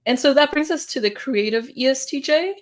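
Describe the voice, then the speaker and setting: A woman's voice: high voice, brisk. A woman hosting an interview with a voice worn by flu, giving friendly, brief summarizing prompts. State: sick voice from flu. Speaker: host.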